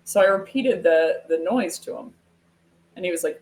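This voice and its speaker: A woman's voice: fairly low pitch, moderate pace. An American woman hosting a live sales webinar, talking casually and telling stories with frequent laughs. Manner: animated storytelling with frequent laughs. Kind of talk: casual live-stream talk.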